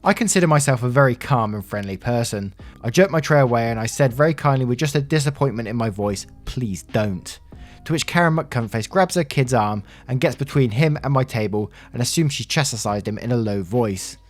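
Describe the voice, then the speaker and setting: Male narrator, mid-pitched, wry and profane, reads stories with faint music behind. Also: expressive. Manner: wry, swears freely, quick asides. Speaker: reddit story narrator. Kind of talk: casual story narration with commentary.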